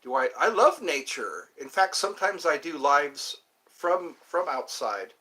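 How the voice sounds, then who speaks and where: A man hosting a casual livestream, rambling and answering viewer comments with halting fillers. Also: fairly high pitch, sing-song, sharp tone. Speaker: livestream host. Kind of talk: casual live chat with viewers.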